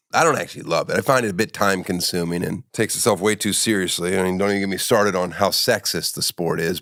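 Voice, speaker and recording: Teasing man hosting a comedy interview. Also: medium pitch. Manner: deadpan, teasing. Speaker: talk show host.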